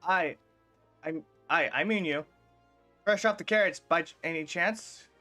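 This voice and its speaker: A man reading out a cocky, street-smart male informant's game lines, haltingly and with stumbles. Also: fairly high pitch, sharp tone, faint music behind. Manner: read aloud haltingly with stumbles. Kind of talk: reading game dialogue aloud.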